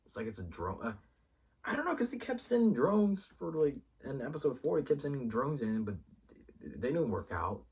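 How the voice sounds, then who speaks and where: Husky-voiced man excitedly reviewing a show. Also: mid-range voice, moderate pace, far from the mic. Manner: excitable and profane, acts out characters' lines mid-sentence; rambling, thinks aloud with many restarts. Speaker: YouTube show host reviewing a TV episode. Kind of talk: casual spoiler review talk.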